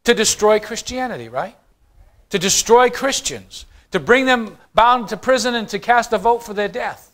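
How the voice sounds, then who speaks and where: A man preaching to his congregation as pastor, moving between loud declarations and quiet asides and putting questions straight to the listeners. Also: high-pitched, lively intonation, moderate pace. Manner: addresses the congregation directly with questions. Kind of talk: sermon.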